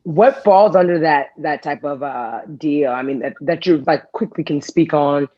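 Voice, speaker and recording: An interviewer asking casual questions in a relaxed, affirming way. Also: mid-range voice, normal speed, highs cut off.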